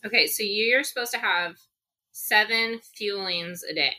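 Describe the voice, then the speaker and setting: Podcast co-host, woman, blunt and profane, very sharp bright voice. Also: medium pitch, a little slow. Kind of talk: casual chat while taste-testing food.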